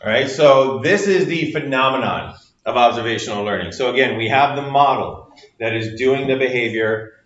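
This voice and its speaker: A man's voice: mid-range voice, normal speed, fairly bright tone. Man giving a roomy lo-fi lecture. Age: adult with children. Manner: explanatory, many fillers, acts out quotes. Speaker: university psychology lecturer. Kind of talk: recorded lecture.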